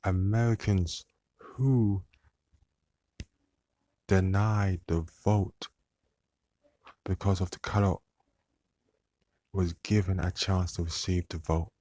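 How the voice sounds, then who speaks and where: A man's voice: low voice, steady tone, slow, pauses often, mellow, no room sound. A man hosting his own channel, talking to viewers in a meandering, hesitant monologue full of fillers and restarts. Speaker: channel host.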